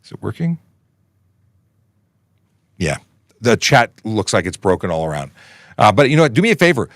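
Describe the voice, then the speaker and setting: A police constable in his forties hosts a casual livestream Q&A from a studio podcasting station, rambling in a chatty way with joking asides and restarts. His lowish voice has big pitch swings at a normal pace, and the studio sound is clean with no room ambience.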